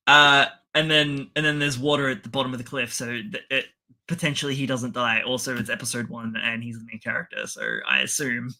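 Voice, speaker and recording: A man's voice: mid-range voice, expressive, moderate pace, pushed and bright. A man co-hosting a podcast, rambling through an anime recap with frequent laughs and acted-out quotes. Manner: rambling, laughs often, acts out the lines. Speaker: podcast co-host. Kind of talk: casual chat recapping an anime episode.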